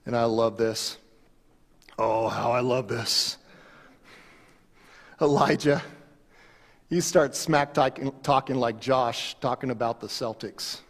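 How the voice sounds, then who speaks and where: A male pastor preaching a sermon with animated storytelling, dramatic pauses and big swings in volume. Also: mid-range voice, husky. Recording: long hall reverb.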